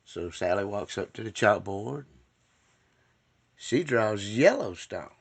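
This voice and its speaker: A man telling a long joke in a folksy, unhurried way, repeating words as he goes. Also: fairly low pitch, animated, creaky, breathy edge. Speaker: joke teller.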